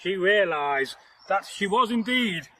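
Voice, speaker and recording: A man's voice: sits high, animated, slow, bright, forceful tone, rough recording. A man casually telling a folktale outdoors, rambling and jokey with many "you know" asides. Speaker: storyteller host. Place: outdoors in nature.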